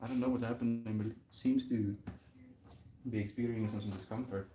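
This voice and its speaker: Male streamer, lower register, rambling and reflective, filler-heavy chat host. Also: fairly even intonation, brisk, mellow, a little hiss or hum. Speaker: livestreamer. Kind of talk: daily livestream, answering chat.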